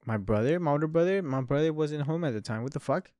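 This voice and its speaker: A man's voice: fairly high pitch, expressive, fast talker, a little mellow, dry recording, studio quality. A man in his early twenties telling a long story in rambling casual talk, swearing a lot and calling the listener bro and dude. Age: 20s. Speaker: podcast host.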